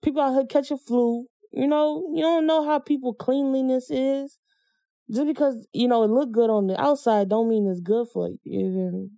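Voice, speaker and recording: A young woman hosts her podcast in a blunt, slangy, animated way. Her voice has a gravelly fry and a mellow tone. The recording is dry. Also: high-pitched, moderate pace, no room sound. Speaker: podcast host. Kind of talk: casual chat.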